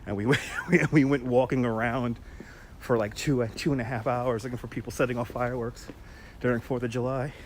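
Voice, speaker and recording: A man's voice: medium pitch, fairly even intonation, a little fast, darkish tone, slight background noise. A man hosting a live walking stream at night, chatting with viewers, reading their comments aloud and laughing often. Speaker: livestream host. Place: quiet city street at night, outdoors.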